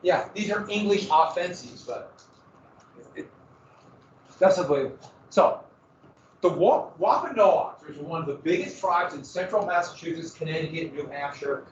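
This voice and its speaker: A man with a fairly high voice teaches a history class in a casual lecture, adding joking asides and dramatic emphasis. He speaks at a measured pace with frequent pauses. The recording is distant, echoey and muffled, with slight background noise.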